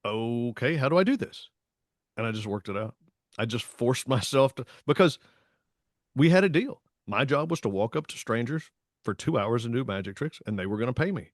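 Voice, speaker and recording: A man, co-hosting a podcast and telling stories in a lively, casual way, acting out the voices in his stories. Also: medium pitch, brisk, no echo, studio quality. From Tennessee, US. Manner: animated storytelling with voiced quotes. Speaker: podcast co-host. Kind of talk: casual chat.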